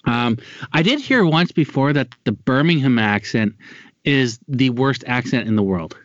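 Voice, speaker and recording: A man's voice: medium pitch, lively intonation, a little slow, no room sound. A man hosting a podcast, teasing and self-mocking in casual chat. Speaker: podcast host. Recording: dry, muffled online call audio.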